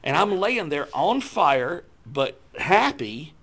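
A man telling a self-deprecating personal testimony to a church group, acting out his own thoughts in lively voices. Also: fairly high pitch, takes it slowly. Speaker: speaker sharing a personal testimony.

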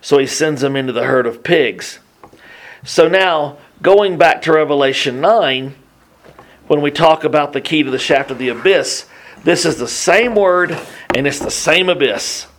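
A man preaching a Bible teaching in an animated, conversational way, often restarting his sentences and adding asides. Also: on the high side, measured pace, a little hiss or hum. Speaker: pastor.

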